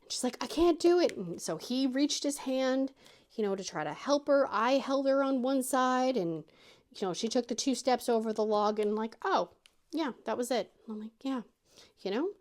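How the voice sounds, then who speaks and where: A middle-aged woman hosting a craft channel, chatting casually as she tells a story and acts out quotes in a squeaky high voice. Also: expressive, moderate pace.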